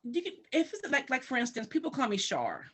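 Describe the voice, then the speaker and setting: A woman's voice: high voice, fairly quick, husky. A woman who works in early childhood education, speaking as a guest on a talk show and acting out parents and children in exaggerated voices. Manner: animated, acts out parents and kids in exaggerated voices.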